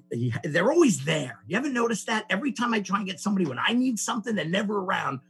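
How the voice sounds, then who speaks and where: A man sharing a personal recovery story at a meeting, animated and acting out the voices of the people in it, with many restarts. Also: on the high side. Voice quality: gravelly, husky voice. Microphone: call audio.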